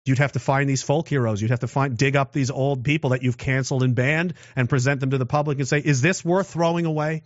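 A man's voice: medium pitch, fairly even intonation, fast, hardly any pauses, dry recording. A man giving a political commentary monologue, rambling with restarts and rhetorical questions. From Canada. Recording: dull, dry lo-fi sound.

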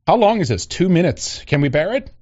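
A male podcast host rambles through opinionated chat, sarcastic and quick to laugh. His pitch swings widely, and the audio is dull and lo-fi. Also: sing-song, darkish tone.

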